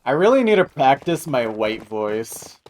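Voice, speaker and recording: A man's voice: mid-range voice, sing-song, a little slow. A man streaming live, chatting casually and jokily while reacting to his chat. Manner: rambling, jokey, reacting to chat.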